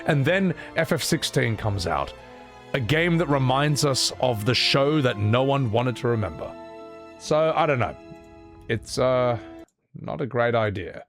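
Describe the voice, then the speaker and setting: Male streamer: chatty, lively voice, loose and profane; soft game music under him. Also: mid-range voice, a little slow. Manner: animated, rambling, swears freely. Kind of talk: casual gameplay commentary.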